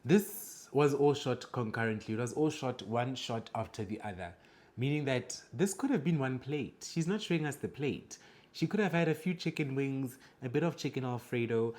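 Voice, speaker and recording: A man's voice: mid-range voice, normal speed, darkish tone. A man hosting a reaction video, giving blunt, judgmental commentary and lecturing his viewers.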